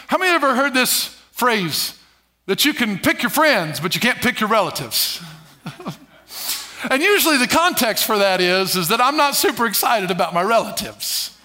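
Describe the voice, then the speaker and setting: A male pastor preaching an energetic sermon, drawing call-and-response from his congregation. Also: extremely high pitch.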